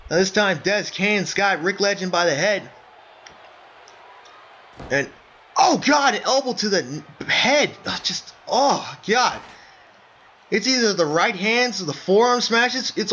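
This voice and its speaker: A man doing excited play-by-play wrestling commentary, breaking into shouts of surprise and calling his listeners folks. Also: sits high. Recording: dull lo-fi recording with faint noise.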